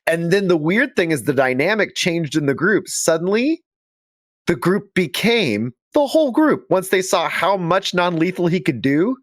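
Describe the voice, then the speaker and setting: A man co-hosting a tabletop gaming talk show, speaking in an animated, casual way and restarting sentences. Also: high voice, moderate pace, no room sound, studio quality. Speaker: podcast co-host. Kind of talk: casual discussion.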